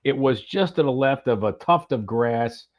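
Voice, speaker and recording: A man casually telling a golf anecdote on a podcast, animated, with plenty of fillers and restarts. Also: medium pitch, normal speed. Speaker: golf radio reporter and podcast guest. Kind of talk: casual storytelling chat.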